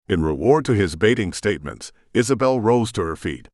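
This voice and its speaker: A man narrating a romance audiobook in an expressive, scripted style. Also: lowish voice, fairly quick, few pauses, no echo, studio quality.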